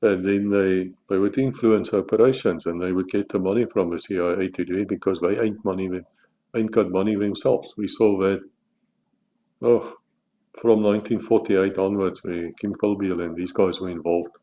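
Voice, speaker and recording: A man's voice: low voice, steady tone, moderate pace, mellow. A man, an author, talking casually about his book in a blunt manner with sarcastic asides. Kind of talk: casual spoken monologue. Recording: slightly muffled, faint background noise.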